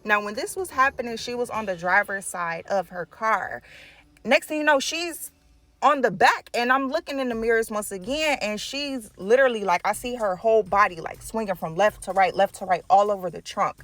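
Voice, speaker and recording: A woman telling a story in a casual storytime vlog, animated and profane, acting out the people she quotes. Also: mid-range voice, normal speed. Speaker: nail art vlogger telling a story.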